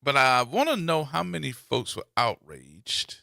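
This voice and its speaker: Lively New man on talk radio. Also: mid-range voice, a little slow, gravelly, dry recording, studio quality. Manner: animated, colloquial, excitable. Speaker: radio talk show host. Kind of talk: casual talk radio commentary. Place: radio studio.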